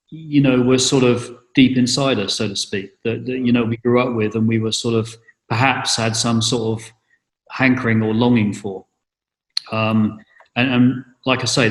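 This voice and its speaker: A middle-aged man from England, giving an interview and talking hesitantly, with many fillers and restarts. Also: medium pitch. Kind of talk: casual interview. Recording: roomy echo.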